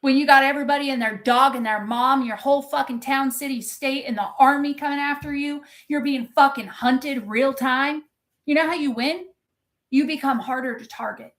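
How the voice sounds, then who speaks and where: High-voiced woman ranting on a livestream, swearing a lot, pumped up, talking back to chat. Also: fairly even intonation, normal speed, a bit bright. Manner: intense, profane, impassioned; reads and answers chat. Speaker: motivational coach. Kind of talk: live-streamed pep talk.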